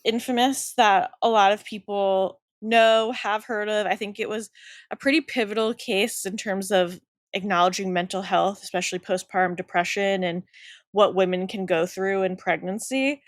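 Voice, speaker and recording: A woman's voice: medium pitch, moderate pace, no room sound, studio quality. A young pregnant woman co-hosting a podcast, telling a story casually and acting out the other people in it with a laugh here and there. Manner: animated, acts out quoted voices, laughs often. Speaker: podcast co-host.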